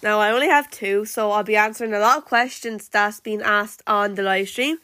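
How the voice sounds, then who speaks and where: An Irish woman talks casually to her podcast listeners, wandering from thought to thought with constant fillers and restarts. Her voice is bright and clear. It sits dry and close, with no room sound around it. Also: medium pitch, fairly quick, no echo. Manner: rambling, full of "like" fillers and restarts. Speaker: podcast host. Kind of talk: casual live-stream podcast chat.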